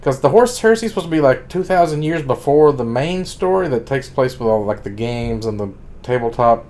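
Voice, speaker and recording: A man's voice: medium pitch, animated, a little fast, darkish tone. A man streaming a casual, rambling monologue about books, full of "like" and blunt profane asides.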